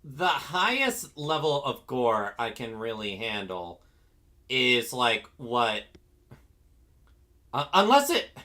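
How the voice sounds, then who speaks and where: A man's voice: mid-range voice, huge pitch swings, takes it slowly, long pauses, bright, forceful tone. A man streamer chatting casually with friends, often restarting sentences and laughing easily. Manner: restless, stumbles over his words, laughs easily. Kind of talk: casual chat.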